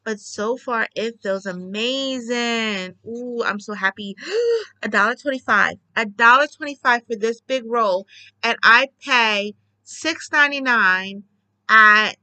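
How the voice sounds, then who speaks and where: Bright, chatty woman vlogging at home. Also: a little high, measured pace, dry recording, poor audio. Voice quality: bubbly, chatty. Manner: excited gushing with rambling restarts. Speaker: craft vlogger. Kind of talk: casual chat.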